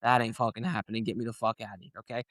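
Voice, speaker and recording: A tired young man hosting a casual sports talk show, ranting with lots of swearing and growing animated when annoyed. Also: mid-range voice, racing, dry recording. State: tired late at night. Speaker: sports podcast host.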